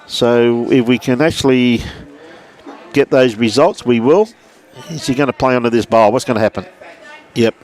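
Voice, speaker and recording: This man's mid-range, darkish voice runs at a moderate pace as he commentates live lawn bowls. With an Australian accent and a matey, chatty style, he greets viewers by name from inside, behind a glass window beside the green.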